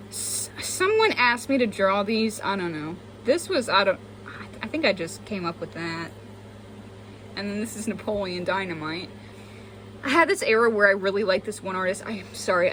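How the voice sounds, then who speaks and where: A young female artist and vlogger gives a chatty, animated tour of her old sketchbook, poking fun at herself throughout. Her voice is medium-pitched, with a little hiss or hum in the audio.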